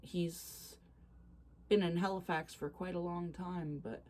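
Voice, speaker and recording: A chatty, excitable woman casually reacting to posts on her vlog, quick to laugh. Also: fairly low pitch. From Canada. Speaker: reaction channel host.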